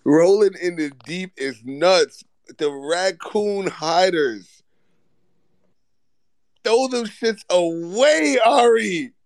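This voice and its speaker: A high-voiced man teases a friend in a casual live-audio chat, loud and profane, cackling between jabs. The sound is close and dry, with no room around it. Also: no room sound. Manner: loud, profane, teasing roast with frequent laughter. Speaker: podcast co-host.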